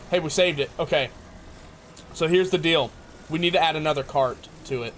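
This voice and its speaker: A man streaming a game live, chatting casually with his viewers, excitable and laughing often. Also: fairly high pitch, a little slow, long pauses, slight background noise. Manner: excitable, laughs often, talks to chat by name. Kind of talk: casual live-stream chat while playing.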